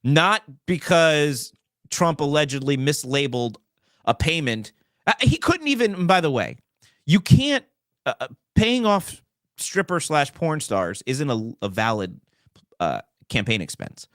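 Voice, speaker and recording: Male talk show host, lively pitch, rambling, dry close sound. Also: measured pace, no room sound. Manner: animated, rambling, full of fillers and asides. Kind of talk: political commentary talk show.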